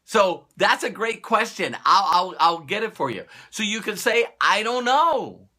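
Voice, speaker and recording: Lively, bright-voiced motivational man. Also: high voice, normal speed. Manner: animated, acts out little dialogues, laughs at own jokes. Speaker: motivational speaker. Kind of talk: motivational talk to a camera.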